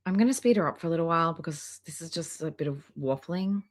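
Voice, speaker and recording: A woman streamer pauses a clip to comment on it, chatty and catty, explaining things to her chat. Her voice sits somewhat low for a woman. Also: lively intonation. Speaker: reaction streamer. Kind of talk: reaction commentary.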